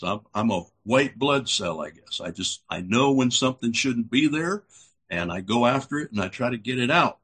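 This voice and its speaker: A male preacher with a very husky, raspy voice gives a folksy, blunt sermon. His pitch moves a great deal as he talks, and he drops in chuckling asides. It sits in a middle register. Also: fairly bright tone. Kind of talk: conversational sermon.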